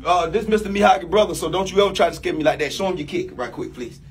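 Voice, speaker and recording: Man as a loud teasing boss, high voice, faint room noise behind. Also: fast talker. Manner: bossy, loud and teasing, swings pitch a lot. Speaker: comedian playing a new boss. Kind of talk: improvised comedy sketch.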